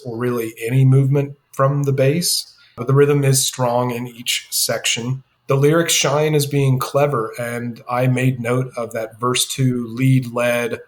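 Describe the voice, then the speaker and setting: A man co-hosting a music review show, reading scores with announcer-like patter and jokey asides. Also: mid-range voice. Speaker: co-host reviewing songs. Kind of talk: scripted podcast review.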